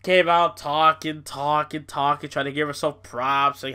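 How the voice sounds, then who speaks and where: Bright, animated young man ranting. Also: on the high side, unhurried, hardly any pauses. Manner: animated, exasperated ranting with swearing. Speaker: podcast host. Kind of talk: casual wrestling podcast rant.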